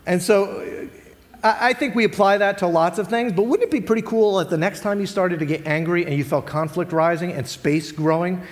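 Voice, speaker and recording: In a high voice and at normal speed, a pastor gives an earnest, conversational sermon packed with rhetorical questions for the congregation. The long reverb of a big church hall surrounds his voice.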